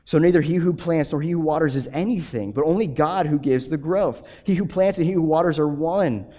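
A man in his thirties preaching a sermon as a pastor, animated, often repeating words and acting out quotes. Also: fairly high pitch, a little fast.

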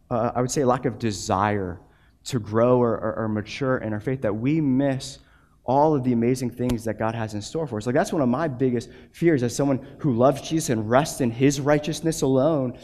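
A young man preaching a sermon, telling a story with animated energy and frequent restarts. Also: mid-range voice. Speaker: pastor.

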